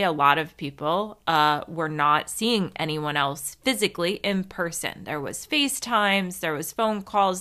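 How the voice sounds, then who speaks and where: Woman, podcast host, casual solo chat, rambling, self-deprecating, animated pitch. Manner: chatty, rambling, self-mocking, swearing.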